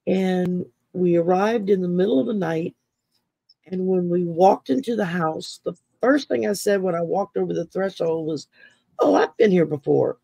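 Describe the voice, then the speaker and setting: Gravelly, husky woman telling stories. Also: on the low side, moderate pace, warm tone, no room sound. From Texas. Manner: chatty, laughs often while telling stories. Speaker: podcast host. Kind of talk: casual interview storytelling.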